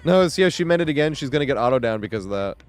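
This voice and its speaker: A man's voice: medium pitch, lively intonation, racing. A young man streaming a game, chatting casually with frequent swearing and laughter. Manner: rambling, swears a lot, laughs often. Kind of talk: casual live-stream chat.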